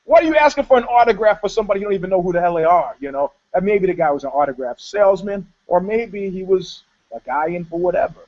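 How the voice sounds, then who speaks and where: A man telling a profane, animated story in a casual chat, laughing along as he goes. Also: high voice, quick pace, few pauses. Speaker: co-host. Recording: dull lo-fi sound.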